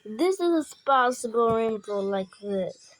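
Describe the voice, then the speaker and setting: A woman's voice: fairly high pitch, expressive, unhurried, background noise. A woman hosting a reaction video, making blunt, crude, mocking remarks in casual commentary.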